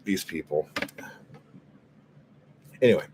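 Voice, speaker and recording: Casual livestream host, man, lowish voice, profane and fed up, light background hiss. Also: lively intonation, slow. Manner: profane, exasperated storytelling. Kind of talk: casual livestream chat, reading viewer comments.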